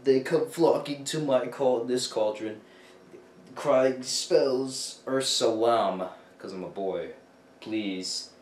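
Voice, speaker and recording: A man's voice: mid-range voice, fast talker, few pauses, slight background noise, pitched above the performer's own voice, natural voice. A young man voicing a campy, scheming sea witch in a theatrical, half-sung delivery, with guitar music behind him. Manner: theatrical sung-spoken, exaggerated. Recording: echoey room with music.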